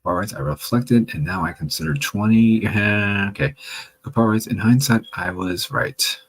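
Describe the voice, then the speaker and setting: A man hosting a livestream, reading viewer comments aloud with a chatty, wry manner and a gravelly voice. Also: on the low side, normal speed, poor audio. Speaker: livestream host reading chat. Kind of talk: casual livestream chat.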